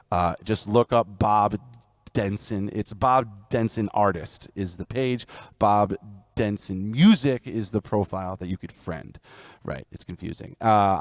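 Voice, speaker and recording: A man's voice: mid-range voice, dry recording, clean studio sound. A man live streaming music, chatting casually and rambling between songs. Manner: chatty, rambling asides, sings folk songs loudly.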